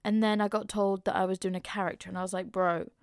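A woman's voice: medium pitch, level tone, fast, darkish tone, no room sound, studio quality. A woman in her twenties with an East Midlands Mansfield accent, hosting a podcast in a candid, chatty way and swearing freely. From English Midlands (Mansfield). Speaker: podcast host. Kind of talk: casual chat.

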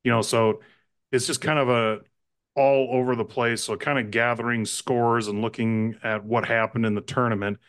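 A man co-hosting a sports podcast, chatting excitedly about high school games and often correcting himself mid-sentence. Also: moderate pace, clean tone. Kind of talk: casual sports talk.

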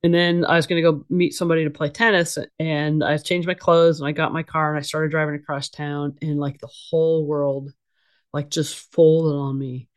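A middle-aged woman with a low, flat voice speaks at a moderate pace as an interview guest, recounting her own story in plain, candid terms. She's blunt and casual, leaning heavily on fillers and often restarting her sentences.

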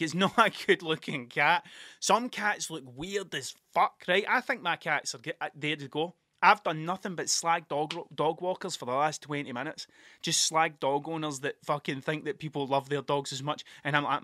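Sweary rambling man, bright voice. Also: fairly high pitch, no echo, studio quality. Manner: rambling, sweary, laughs through stories. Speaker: podcast host and artist. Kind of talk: casual monologue.

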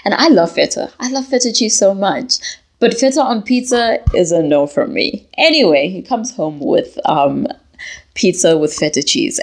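A woman's voice: on the low side, lively intonation, moderate pace. A young woman hosting a casual solo podcast, talking candidly and mocking herself, laughing often. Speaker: podcast host.

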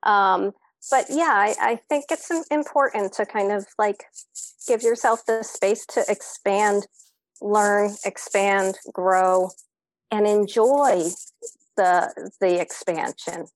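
A woman's voice: medium pitch, slow, dry recording. A woman speaking as a podcast guest, reflective and encouraging in casual conversation, with many fillers.

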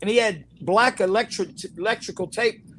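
High-pitched guy telling lively stories on a video call, laughs a lot, faint hiss behind. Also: normal speed. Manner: animated storyteller, laughs often, acts out quotes. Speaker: interview guest, actor. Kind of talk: casual storytelling interview.

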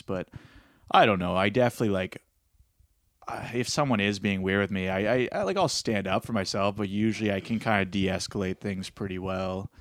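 Low-voiced rambling young man, dry sound. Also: no room sound. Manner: hesitant, rambling with many restarts. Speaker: podcast co-host. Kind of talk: casual chat.

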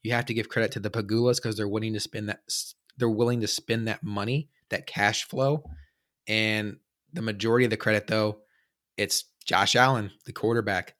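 A man hosting a sports podcast, chatting casually and telling stories with animated quoted voices. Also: lowish voice, moderate pace. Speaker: podcast host.

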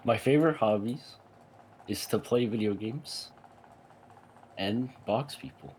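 A man's voice: medium pitch, darkish tone, a little hiss or hum. A young man co-hosting a casual podcast, breaking into laughter often. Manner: slow, laughs a lot. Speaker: podcast co-host.

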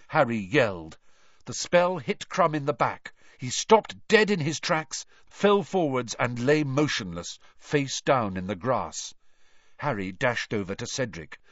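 A man giving a lively, dramatic storybook narration, in a dull, dry recording. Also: medium pitch, dry recording. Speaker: audiobook reader.

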